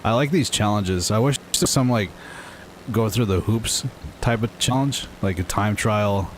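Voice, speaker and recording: A man's voice: lowish voice, normal speed, slight background noise. A young man casually chatting and rambling to his viewers while playing a flight game on a livestream. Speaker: streamer. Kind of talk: casual gaming livestream chat.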